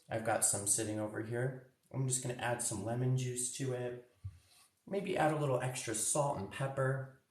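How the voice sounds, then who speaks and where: A cooking instructor with a medium-pitched, slightly mellow voice teaches a live demo for kids. He's cheerful and chatty, tasting food while talking, and the recording has a roomy echo from a distant mic.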